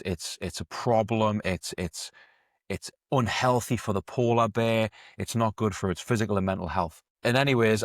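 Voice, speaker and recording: Low-voiced man in his thirties. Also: dry recording, clean studio sound. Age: 30s. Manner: chatty storytelling, conversational. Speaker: emotional eating coach. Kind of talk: podcast monologue.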